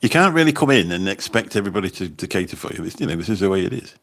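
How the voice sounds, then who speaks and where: A taxi driver hosting a casual livestream races through his chat, his low voice swinging widely in pitch with a fairly bright tone. Speaking into a phone, he rambles, repeats words, and reads out comments.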